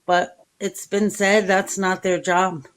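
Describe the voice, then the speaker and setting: A woman's voice: medium pitch, little pitch movement, takes it slowly, a crowd in the background. A woman speaking as a guest in a casual discussion, earnestly addressing the audience directly.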